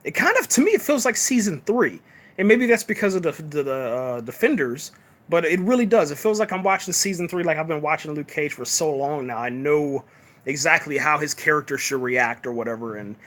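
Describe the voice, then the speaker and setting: Casual male streamer reviewing episodes, relaxed and rambling, with a bright, forward tone. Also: fairly high pitch, brisk. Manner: laid-back, peppers talk with "man" and fillers. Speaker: TV show reviewer on a live stream. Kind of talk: casual live chat review.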